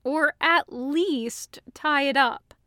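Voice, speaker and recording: A woman's voice: sits high, drawn-out words, bright, forceful tone, no echo, studio quality, full character voice. A woman voicing a firm, caring adult woman who nags a friend, in an audiobook reading. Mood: bossy. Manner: firm and nagging.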